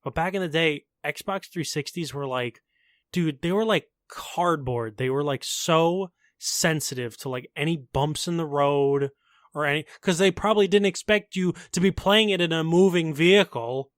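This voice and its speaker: A man's voice: a little high, normal speed, dry recording, studio quality. Rambling young man. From Long Island, New York. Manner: laid-back, rambling, lots of "like". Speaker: podcast co-host. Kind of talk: casual chat.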